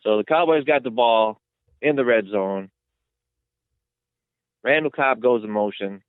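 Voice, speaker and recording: A man co-hosting a sports podcast, retelling plays in a rambling, excitable way. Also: mid-range voice, unhurried, clear, resonant tone, dry recording. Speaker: podcast co-host. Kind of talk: casual sports chat. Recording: tinny phone-like line, dry.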